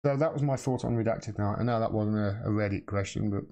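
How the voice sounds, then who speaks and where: A man's voice: fairly low pitch, fast, mellow. A man hosting a live stream, answering viewer questions in blunt, impassioned casual talk and swearing freely.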